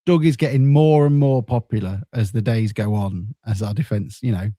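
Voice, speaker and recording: Mellow, wry man. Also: fairly low pitch, normal speed, dry recording, clean studio sound. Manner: wry, laid-back, reads listener comments. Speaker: podcast co-host. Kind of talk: casual football chat.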